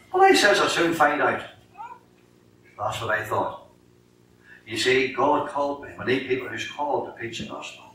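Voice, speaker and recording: A middle-aged man with a Northern Irish accent giving his testimony in a sermon, telling his story in an animated way and acting out the dialogue. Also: mid-range voice. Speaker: lay preacher giving testimony. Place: church sanctuary. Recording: echoey church from a distance with faint noise.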